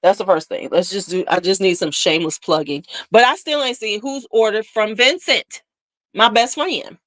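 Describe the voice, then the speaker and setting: A woman's voice: mid-range voice, normal speed, fairly bright tone, no room sound. A woman hosting a casual beauty livestream, chatting candidly and sassily with viewers, laughing often. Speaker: beauty channel host.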